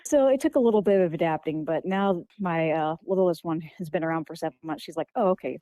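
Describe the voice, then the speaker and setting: A woman's voice: on the low side, fast, mellow, no echo, rough recording. A young woman, a children's author, answering interview questions in a casual, hesitant way with many fillers and restarts. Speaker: guest author.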